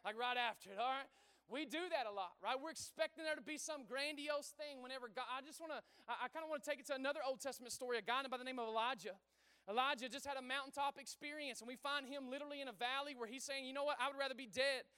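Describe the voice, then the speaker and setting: A man's voice: very high-pitched, quick pace, sharp tone, clear, resonant tone, in a large hall. A man preaching a sermon in a church, talking conversationally, asking the congregation questions and repeating his phrases. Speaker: pastor.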